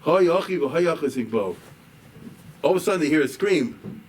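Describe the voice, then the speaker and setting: A man's voice: a little high, animated, moderate pace, breathy edge. Chatty male rabbi lecturing from afar. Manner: conversational, reads a line then paraphrases with asides and "right?". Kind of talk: explaining a liturgical poem in a lecture. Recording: distant mic with faint background noise.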